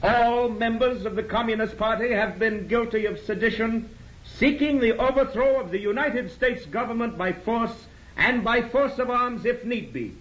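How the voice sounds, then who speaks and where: A man playing a federal prosecutor in an old radio drama, speaking with formal, deliberate oratory. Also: very high voice, a bit bright. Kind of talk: 1950s radio drama acting. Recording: dull lo-fi old radio recording.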